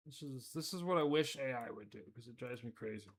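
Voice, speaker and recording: A man's voice: mid-range voice, lively intonation, fast talker, creaky, husky. A man hosting a casual live stream, talking loosely as he goes, often breaking off mid-sentence and chuckling at his own asides. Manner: rambling, self-interrupting, easily amused.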